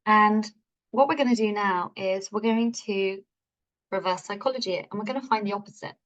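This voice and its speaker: A woman's voice: mid-range voice, a little fast, a bit bright, lo-fi sound. A woman leading a live online healing masterclass, enthusiastic and informal, with playful turns of phrase. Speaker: healing workshop teacher.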